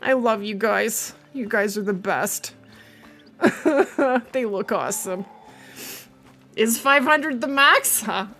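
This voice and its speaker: Taking things slowly in a fairly high voice, a woman streams a game live with soft music playing behind her. Her commentary is casual and chatty; she muses aloud as she plays and gushes enthusiastically over the people watching.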